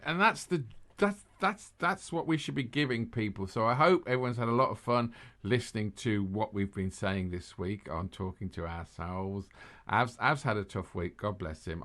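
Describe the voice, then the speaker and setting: A man's voice: fairly low pitch, normal speed, a bit bright. A man co-hosting a casual podcast, rambling and laughing at his own jokes as he chats with a friend. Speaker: podcast co-host. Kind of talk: casual chat.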